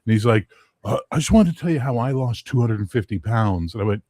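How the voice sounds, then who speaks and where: A man in a loose, casual chat, his pitch swinging up and down as he tells a story. He talks bluntly and swears freely, and the recording is dry and close. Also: lively intonation, fast talker, warm tone, dry recording.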